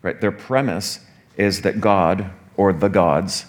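A pastor preaching a morning sermon, teaching through a scripture passage in a conversational way with frequent asides to the congregation. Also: male voice, low voice, steady tone, slow pace.

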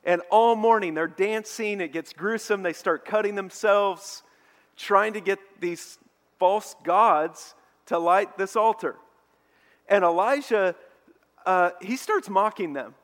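A man preaching a sermon as a pastor, telling a story with animated energy. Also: high voice, takes it slowly. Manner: animated storytelling preacher, mocking shouts in quoted lines. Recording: long hall reverb.

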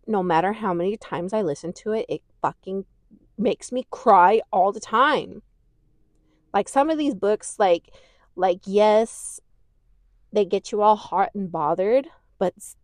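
A woman with a lowish voice talks loosely on her own podcast, rambling and gushing with a laugh never far away. She swears freely and keeps it casual. The sound is dry and close, with no room around her. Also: no room sound. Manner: laughs easily, gushing and animated. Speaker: podcast host. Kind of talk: casual chat.

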